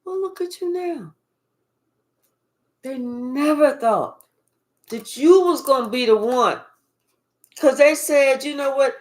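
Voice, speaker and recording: Woman tarot reader, slow profane drawl, somewhat high voice, unhurried live reading. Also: a little mellow.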